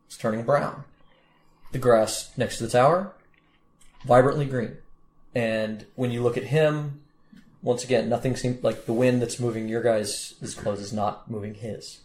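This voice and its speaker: A man at a medium pitch running a tabletop game, describing the scene in a loose, rambling way. His voice sounds roomy and echoey, with faint noise underneath. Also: a little slow, a little mellow. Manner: loose, rambling narration with restarts. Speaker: game master.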